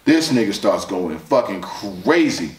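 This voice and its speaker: A man recapping a battle rap in casual, animated, profane commentary, reacting loudly and repeating words as he quotes lines. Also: fairly low pitch, a little slow, roomy sound, far from the mic.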